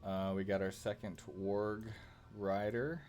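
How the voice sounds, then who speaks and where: A man narrating as game master in a tabletop game over voice chat, relaxed and joking as he moves the monsters. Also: fairly low pitch, slow, slight background noise.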